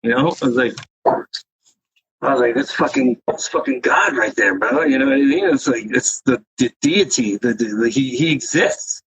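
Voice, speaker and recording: With slight background noise behind him, a man with a mid-range voice tells stories at a moderate pace as an interview guest. A graffiti writer, he rambles, swears, and stays animated in the casual chat. The sound is dry, dull, and lo-fi.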